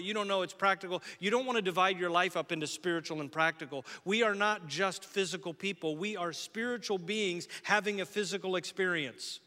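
Bright-voiced male pastor in a reverberant hall. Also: on the high side, moderate pace. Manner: swings from loud urgent preaching to soft, hushed encouragement. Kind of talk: sermon.

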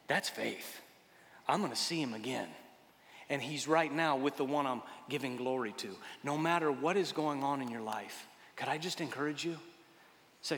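Pastor, man, slightly high voice, fervent sermon delivery that drops to hushed asides, in a big reverberant church. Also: fairly quick, some chatter behind. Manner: impassioned, swings from loud fervor to hushed tones.

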